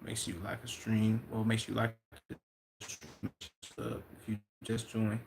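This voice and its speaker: A young man from Chicago, a livestreamer reading out and answering chat in loose, profane, excitable banter. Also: on the low side, normal speed, slight background noise.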